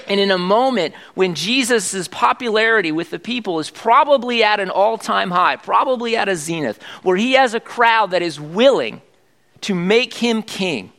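A man with a notably high-pitched voice delivers a sermon to his congregation. He is middle-aged and talks in an easygoing, conversational way, tossing rhetorical questions out to the room. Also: animated, normal speed, pushed and bright. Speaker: pastor.

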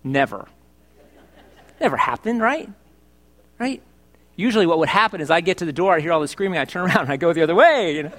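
Man, high voice, middle-aged pastor, church sermon, conversational, playful asides. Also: a bit bright. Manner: conversational and joking, asks the congregation questions. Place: church service.

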